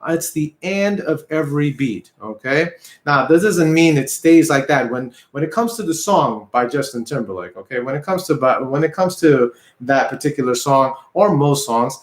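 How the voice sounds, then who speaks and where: A man's voice: fairly high pitch, animated, moderate pace, roomy sound. A man teaching an online guitar lesson, patient and repetitive, counting beats aloud as he explains. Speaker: music teacher. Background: guitar playing.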